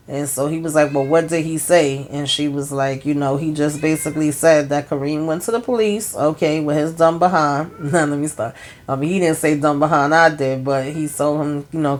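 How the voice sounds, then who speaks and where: A woman giving a casual, colloquial recap of a TV episode, retelling scenes through quoted dialogue and breaking in with her own exclamations. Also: low voice. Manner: colloquial, frequent fillers. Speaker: TV recap host.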